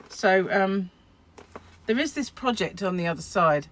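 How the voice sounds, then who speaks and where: A woman's voice: medium pitch, expressive, measured pace, long pauses, slight background noise. A middle-aged British woman from the UK, chatting casually to camera as a crochet vlogger, rambling and self-deprecating with frequent laughs. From United Kingdom.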